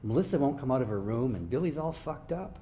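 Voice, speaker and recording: A man reading aloud as a grieving, impulsive young man who talks in halting, casual bursts. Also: mid-range voice, animated, warm tone, dull audio, slight background noise, lightly acted. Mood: subdued. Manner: halting, conversational, swearing.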